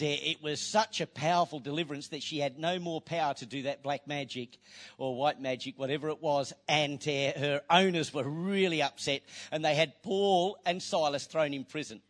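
A man preaching a sermon, telling stories with playful, joking asides. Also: on the high side. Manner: lively storytelling with playful asides.

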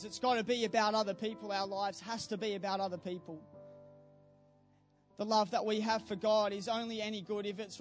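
A young man, a youth pastor, preaching a sermon earnestly and building to fervent exhortation at a church service. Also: high voice.

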